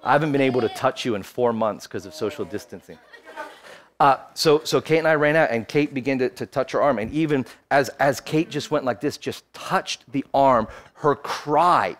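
A man's voice: mid-range voice, lively intonation, moderate pace. A man in his thirties preaching a sermon as pastor, telling a personal story and building to fervent exhortation. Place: church, streamed online.

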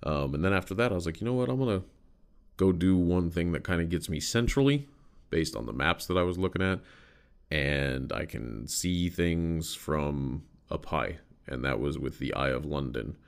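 A man's voice: deep voice, lively intonation, moderate pace, creaky. An American man hosting a podcast, telling a story in a loose, rambling way with casual swearing. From United States. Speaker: podcast host.

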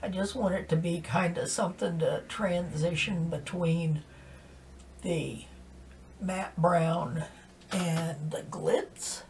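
A woman in her sixties, a makeup vlogger, speaks in a fairly low, steady voice at a slow pace. She chats softly through a tutorial and often drifts into half-whispers as she works, recorded on a distant mic with faint background hiss.

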